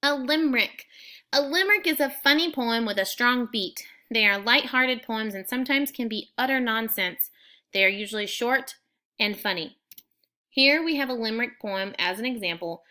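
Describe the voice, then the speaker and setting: A woman teacher giving a recorded lesson to students, explaining clearly and patiently step by step. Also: fairly high pitch, moderate pace, bright, forceful tone.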